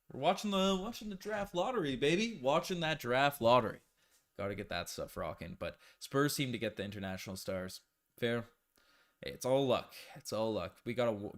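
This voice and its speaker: Hyped young man streaming. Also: lowish voice. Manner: hyped, joking, reads out chat messages. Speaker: live stream host. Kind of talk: casual live-stream chat.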